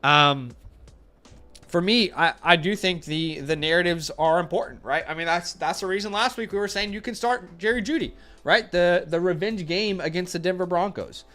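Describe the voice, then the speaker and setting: A high-sitting, pushed and bright voice comes from a man taking viewer questions on his casual fantasy football live stream at a moderate pace. Runny-nosed and blunt, he works through his thoughts aloud with fillers and restarts.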